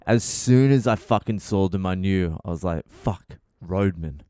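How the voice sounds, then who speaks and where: A man hosting his own comedy podcast, telling a story in a blunt, animated monologue full of swearing. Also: deep voice, moderate pace, clean tone, dry recording, studio quality.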